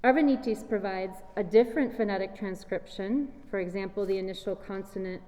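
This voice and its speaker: A woman giving a measured, explanatory talk as a singer presenting chant, recorded in a large hall. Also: mid-range voice, steady tone, mellow. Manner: measured, explanatory, sings short chant fragments. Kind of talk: scripted lecture-recital talk. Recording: reverberant hall.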